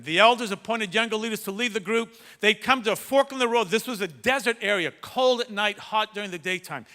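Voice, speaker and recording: A middle-aged man preaching a sermon, telling a story with dramatic swings from loud to hushed. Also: sits high. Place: large church hall. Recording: echoey church hall.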